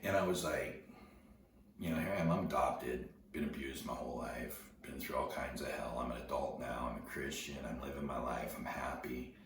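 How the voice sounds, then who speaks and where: Very deep-voiced man telling his story. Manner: halting, often repeats words while recalling. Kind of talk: personal storytelling. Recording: very echoey room, distant mic, noticeable background noise.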